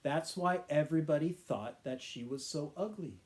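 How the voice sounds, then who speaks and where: A man, an English teacher, telling a children's story to learners in a playful, animated way. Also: fairly high pitch, normal speed. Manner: animated, playful sound effects and voices.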